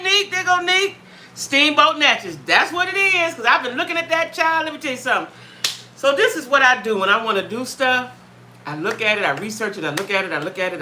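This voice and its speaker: A chatty woman with a drawl, hosting a live stream from home on a phone or webcam. Her voice is very bright and forward, and she greets viewers by name and circles back over her own words. A faint hum of room noise sits under her. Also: medium pitch. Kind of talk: casual live-stream chat.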